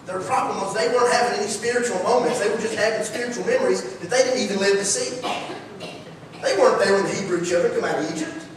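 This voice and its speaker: A man preaching a sermon in a folksy, energetic way, full of rhetorical questions, in a church sanctuary. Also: high voice, fast talker, a little hiss or hum. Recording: echoey church hall, distant mic.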